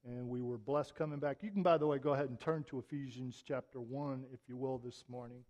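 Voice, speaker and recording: A man's voice: medium pitch, steady tone, brisk, a little mellow. A middle-aged man preacher giving a conversational sermon, mixing wry humor into his lesson.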